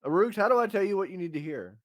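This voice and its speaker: A man's voice: sits high, lively intonation, very fast, no echo, studio quality. A man co-hosting a podcast, talking in a blunt, emphatic and profane way as he rants about tough love. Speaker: podcast co-host. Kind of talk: casual opinionated podcast chat.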